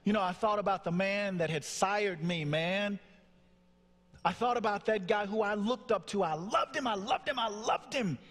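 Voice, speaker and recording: A man's voice: sits high, moderate pace, fairly bright tone. A man from Nashville, Tennessee, telling a personal story on stage as a motivational speaker, acting out the voices in it. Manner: dramatic storyteller, acts out voices. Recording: long hall reverb.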